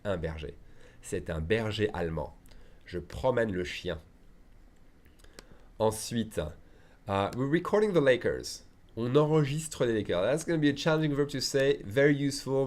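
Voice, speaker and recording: Male language teacher, lowish voice, conversational and explanatory. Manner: chatty, explains with asides and checks in often. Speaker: French teacher. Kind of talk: online language lesson.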